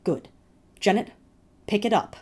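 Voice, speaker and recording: A woman voicing a fierce, frightened farm mother who snaps sharp orders at her children. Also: deep voice, brisk. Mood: harsh.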